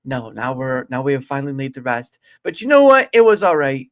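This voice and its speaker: A man's voice: medium pitch, big pitch swings, fairly quick. A man chatting as the guest player on a gamebook stream, rambling through asides and laughing often. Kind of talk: casual chat on a gamebook stream.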